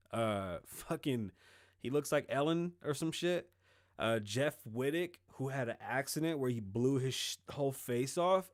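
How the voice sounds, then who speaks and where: A middle-aged man hosting his own show, talking loose and sarcastic, with plenty of swearing and the dry mouth of someone who says he is high. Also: a little mellow, dry recording. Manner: loose, rambling, profane and sarcastic. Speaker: show host. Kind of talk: casual political commentary.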